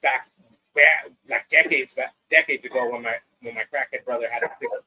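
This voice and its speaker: A man's voice: medium pitch, steady tone, moderate pace, pushed and bright, a little hiss or hum, rough recording. A man hosting a live podcast, talking in a loose, rambling, profane way. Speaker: podcast host. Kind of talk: casual live-stream chat.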